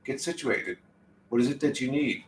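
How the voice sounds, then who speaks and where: A man's voice: mid-range voice, normal speed. A young man chatting casually on a livestream, rambling and swearing in a laid-back way. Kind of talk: casual stream chat. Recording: echoey room, distant mic.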